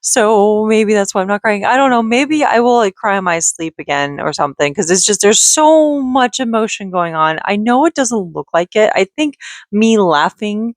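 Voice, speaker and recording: A worn-out woman talks straight to her camera, her thoughts spilling out in restarts and little laughs. Her voice sits at an ordinary middle pitch, and the sound is dry and close, with no room echo. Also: animated, normal speed. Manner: rambling, many restarts and laughs. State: exhausted. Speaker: vlogger. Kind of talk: emotional personal vlog talk.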